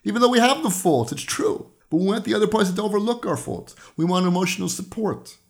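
A man with a slightly high voice gives a weekly Torah lesson on his podcast. He explains earnestly and leans on retold stories and scripture to make his points. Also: fast, gravelly. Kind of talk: weekly religious teaching podcast.

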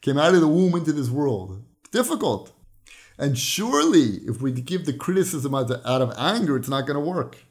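Slightly high-voiced man teaching Torah. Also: very animated, moderate pace. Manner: explains earnestly, retelling stories and scripture. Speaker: Torah podcast host. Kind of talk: weekly religious teaching podcast.

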